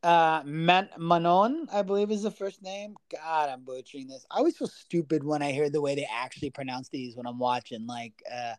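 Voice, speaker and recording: A man's voice: on the high side, moderate pace, few pauses, no room sound. A man co-hosting a casual sports betting podcast, talking loosely, swearing freely and stumbling over fighters' names. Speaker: podcast co-host.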